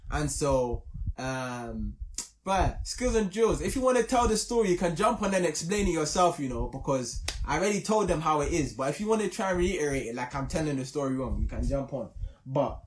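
Animated young man. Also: fairly high pitch, brisk, slight background noise. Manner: animated, emphatic storyteller. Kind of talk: casual chat.

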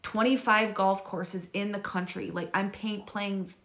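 Woman in her thirties, bright forceful voice, excitable, laughs a lot, swears casually, casual podcast chat. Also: medium pitch, a little slow. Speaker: podcast co-host.

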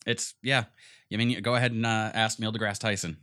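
Deep-voiced young man chatting about games. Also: little pitch movement, brisk, bright, forceful tone. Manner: rambling, enthusiastic, filler-heavy. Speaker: podcast co-host. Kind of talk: casual gaming chat.

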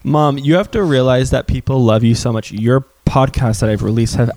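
A podcast host, a man, banters and teases with quick joking questions. His voice carries a gravelly fry, and he keeps a loose, casual chat going. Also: medium pitch, darkish tone, dry recording.

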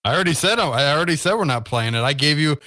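A man's voice: a little high, animated, fast, sharp tone, dry recording, clean studio sound. A man co-hosting a casual gaming podcast who talks hesitantly, with many ums. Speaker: podcast co-host. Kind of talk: casual chat.

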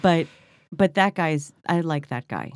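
A woman co-hosting a chatty podcast, her voice a bit low and recorded dry and close. She is playful and quick to push back on her partner. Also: expressive, darkish tone, dry recording. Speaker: podcast co-host. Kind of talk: casual banter.

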